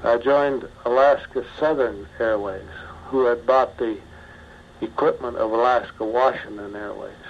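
An older man, a former pilot, slowly telling his memories in an interview, with many pauses and fillers. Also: medium pitch, fairly even intonation. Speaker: retired bush pilot. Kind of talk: oral history interview. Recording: muffled archival tape with faint hiss.

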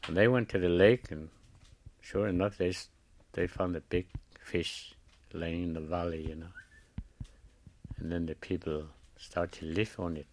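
A man's voice: deep voice, steady tone, a little slow, a little mellow, slight background noise. A man telling a traditional animal tale in plain, simple phrasing. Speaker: storyteller. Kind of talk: traditional oral storytelling.

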